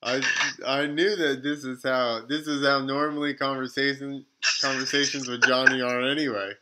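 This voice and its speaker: A man's voice: medium pitch, level tone, moderate pace, background noise. A man hosting a casual podcast, easygoing, laughing along and asking questions. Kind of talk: casual chat.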